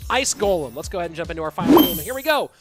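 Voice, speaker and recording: A man casting a live esports match, excitable and rambling, with chatty asides to the viewers. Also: high-pitched, racing, loud music behind the voice. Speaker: esports caster and streamer. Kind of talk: live esports commentary with chat reading.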